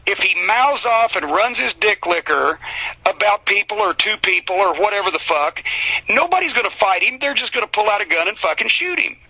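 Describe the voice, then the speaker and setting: A man's voice: high-pitched, lively intonation, fairly quick, breathy edge, no room sound. A man telling a heated, profane story in an interview. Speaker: interview guest. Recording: slightly dull, dry recording.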